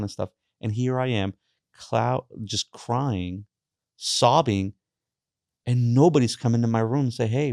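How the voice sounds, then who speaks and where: A young man gives his personal faith testimony as a podcast guest. His voice sits at an ordinary middle pitch and is recorded dry and close, with no room sound. He speaks haltingly, repeating words and leaning on fillers as he goes. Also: no echo.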